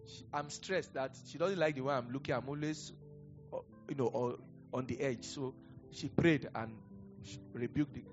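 A middle-aged pastor with a Nigerian accent preaches at a moderate pace in a medium-pitched voice, leaving long pauses. His talk is chatty and digressive, broken up by stories and chuckles, and the recording is dull lo-fi with faint background music.

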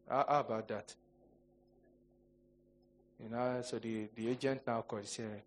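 A man's voice: medium pitch, brisk, long pauses, slight background noise. A male pastor preaching a sermon, telling humorous stories and acting out quoted voices. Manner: animated storytelling, jokes and mock quotes.

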